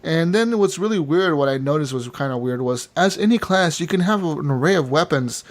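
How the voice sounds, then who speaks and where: A man telling game stories on a casual gaming podcast. He talks with loose, excited energy and swears freely, tossing in "dude" and "man" as he goes. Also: fairly high pitch, a little fast. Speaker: podcast co-host.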